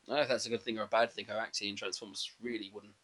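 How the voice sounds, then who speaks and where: A man co-hosting a casual film review podcast, retelling scenes in a quick, chatty, animated way. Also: lowish voice. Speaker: podcast co-host.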